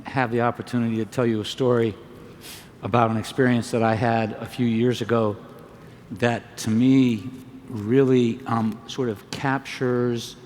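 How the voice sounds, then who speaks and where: Gentle man telling a story in a hall. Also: mid-range voice, slight background noise. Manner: gentle, unhurried storyteller with pauses and "um"s. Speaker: panel speaker, psychologist. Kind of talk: storytelling talk. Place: large lecture hall. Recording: distant mic in a large reverberant hall.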